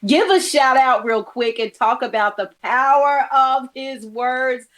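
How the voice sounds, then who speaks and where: A woman's voice: sits high, measured pace, fairly bright tone. A woman hosting a church program conversation, encouraging her guest and quoting scripture. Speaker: host.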